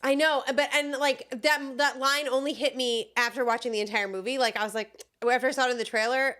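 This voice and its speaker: A woman's voice: high voice, fairly even intonation, fairly quick, sharp tone. A woman co-hosting a podcast, chatting casually about a movie, often restarting and agreeing. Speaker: podcast co-host. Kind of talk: casual movie review chat.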